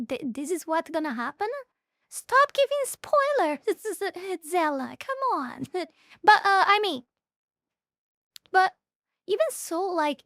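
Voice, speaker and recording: A woman's voice: high-pitched, a bit bright, dry recording, clean studio sound. A woman streamer giving blunt, heated reaction commentary, swearing often and repeating her words. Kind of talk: casual live reaction commentary.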